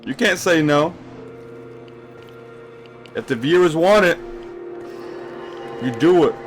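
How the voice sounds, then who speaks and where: A man's voice: a little high, animated, slow, soft background music. A young man streaming a game live, rambling casually and answering questions from his chat as he plays.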